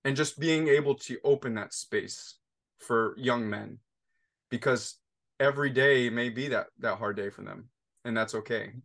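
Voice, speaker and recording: A man in his thirties hosting a podcast, telling a family story at an even middle pitch. He talks casually with many restarts, fillers and asides. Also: unhurried, gravelly. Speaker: podcast host. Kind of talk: conversational interview.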